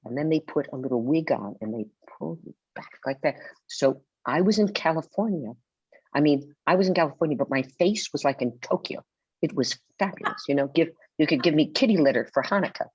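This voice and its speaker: A woman's voice: low-pitched, lively intonation, a little fast, a little mellow, husky, dry recording. An older woman talking on a webinar as a guest author, telling stories theatrically and acting out the people she quotes. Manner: theatrical storyteller who acts out quotes. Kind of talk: webinar conversation. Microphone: video call. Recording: dull lo-fi video call audio.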